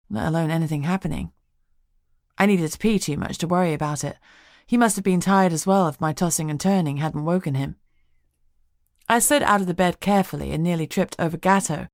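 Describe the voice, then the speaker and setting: A woman narrating a first-person audiobook with a wry, lively storytelling manner. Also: lowish voice, dry recording, clean studio sound.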